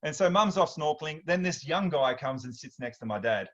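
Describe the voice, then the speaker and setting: A man in his thirties with an Australian accent, hosting a workshop and telling stories in a chatty, animated way, often restarting his sentences. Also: fairly high pitch, brisk, dull audio. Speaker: workshop host. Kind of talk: casual storytelling talk.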